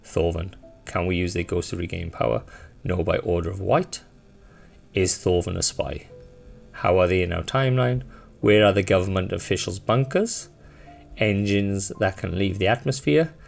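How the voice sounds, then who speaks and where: Deep, very gravelly game master. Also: male voice, moderate pace, faint music behind. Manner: casual, rambling, many fillers. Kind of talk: narrating a tabletop game.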